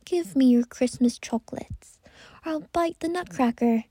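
A woman voicing a greedy male mouse king in a bedtime story, making hushed threats in a raised voice. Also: high-pitched, moderate pace, no echo, studio quality. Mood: threatening.

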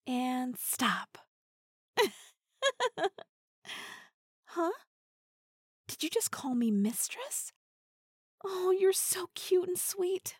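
Woman acting out a teasing dominant lover, breathy, slow and drawn-out, giggly, close-mic half-whispers. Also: high voice, no echo, exaggerated voice. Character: playful teasing dominant female partner. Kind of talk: intimate audio role-play.

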